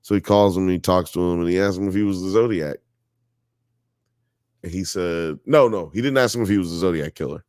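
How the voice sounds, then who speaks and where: Speaking briskly in a low, slightly mellow voice, a live-show host spins a story in relaxed chat. He leans on "you know" and "blah blah," turning forceful as he gets fired up. The recording is dry and studio-grade.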